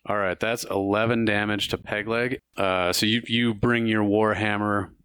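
Deep-voiced man narrating a tabletop game. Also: fairly even intonation, normal speed, a bit bright, clear, resonant tone, dry recording, clean studio sound. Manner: vivid, playful combat narration with crude jokes. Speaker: game master.

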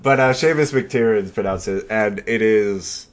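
A man's voice: on the low side, animated, moderate pace, few pauses. A man co-hosting a podcast, talking about a movie in a joking, playful way. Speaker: podcast co-host. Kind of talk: casual chat.

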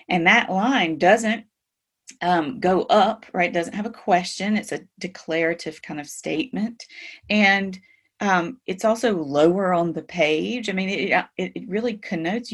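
A woman's voice: on the low side, a little slow, slightly rough. A woman teaching a poetry class over a video call, explaining with frequent fillers and rhetorical questions. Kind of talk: online lecture on poetry.

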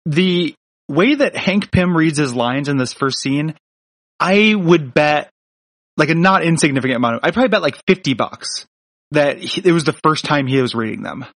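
A man co-hosting a podcast, rambling through a cartoon recap with jokes and frequent restarts. His voice sits a little on the high side. The sound is dry and close, with no room around it. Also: a bit bright, no echo. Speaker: podcast co-host. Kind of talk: casual chat, cartoon recap.

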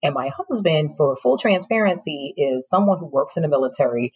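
A woman's voice: sits low, animated, a little fast, darkish tone, breathy edge, low-quality recording. A middle-aged woman, a former teacher, frankly telling her personal story in an interview, with emotion and occasional laughter.

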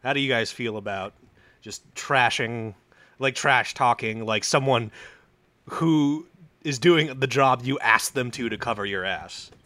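Bright-voiced man telling a story. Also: unhurried, no echo. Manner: acts out characters with loud, high put-on voices. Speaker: podcast host telling a story. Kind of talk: casual comedic storytelling.

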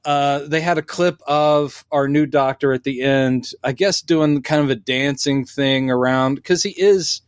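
A man co-hosting a casual podcast about TV and films, talking in an animated way and acting out quotes in funny voices. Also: mid-range voice, a little slow, hardly any pauses, clean tone, no room sound, clean studio sound. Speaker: podcast co-host. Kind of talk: casual pop-culture chat.

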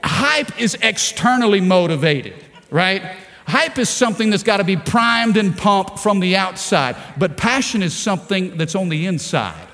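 A male pastor preaches with fervor, stacking rhetorical questions and repeating words as he drives his points home. His voice sits high, and it rings out in a large hall with a long reverb tail. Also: animated, moderate pace, vocal fry, a bit bright. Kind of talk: sermon.

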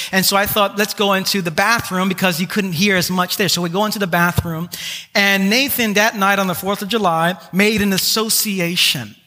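A man preaching a sermon, telling a personal story in an animated way with self-mocking humor. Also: sits high. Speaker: pastor. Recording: long reverb of a large hall.

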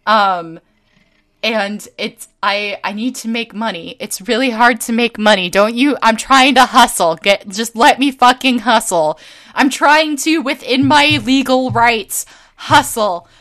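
A woman co-hosting a casual chat podcast, swearing freely and ranting with low energy, full of fillers and halting restarts. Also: fairly bright tone. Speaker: podcast co-host.

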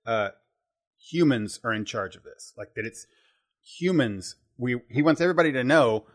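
A man's voice: mid-range voice, expressive, normal speed. A man in casual podcast conversation about a film, rambling and restarting as he thinks aloud.

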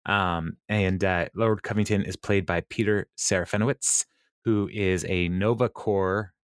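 Podcast host, low-pitched man, loose and rambling, dry booth sound. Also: fairly even intonation, measured pace, clean tone, dry recording. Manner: rambling, many fillers, laughs at own retelling. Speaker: podcast host recapping a TV show. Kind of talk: casual chat.

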